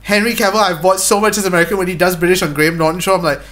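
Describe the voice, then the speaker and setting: A man's voice: fairly even intonation, very fast, a bit bright. A man in casual conversation about actors and accents, rambling and swearing, often laughing. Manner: rambling, swearing, laughing, mid-level pitch. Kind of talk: casual film chat.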